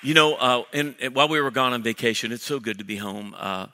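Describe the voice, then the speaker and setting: A man pastor giving energetic, joking church announcements with frequent restarts, on a stage microphone in a large church auditorium. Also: mid-range voice, fast, some chatter behind, a little hiss or hum. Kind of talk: sermon announcements. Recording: long church hall reverb.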